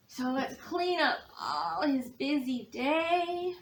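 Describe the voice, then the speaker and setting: Lady reading storytime to kids real slow, high voice, counts along, lots of gasps. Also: fairly bright tone. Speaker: children's librarian. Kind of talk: children's storytime read-aloud.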